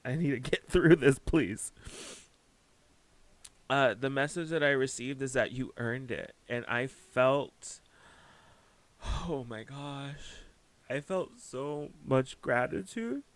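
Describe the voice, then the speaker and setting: Choked-up man giving a slow tarot reading. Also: medium pitch, dry recording. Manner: emotional, halting, keeps breaking off to compose himself. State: close to tears. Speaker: tarot reader.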